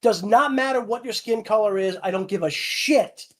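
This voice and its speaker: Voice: medium pitch, moderate pace. A voice actor on a livestream Q&A, ranting heatedly with lots of swearing and repeated words. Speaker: voice actor on a fan channel. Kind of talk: livestream Q&A rant.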